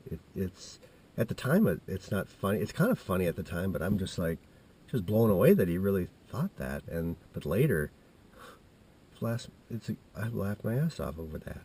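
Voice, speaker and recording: A man's voice: low voice, very animated, normal speed, mellow, slightly rough. A man in his fifties telling a personal story in a casual, meandering way, full of restarts and asides. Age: 50s.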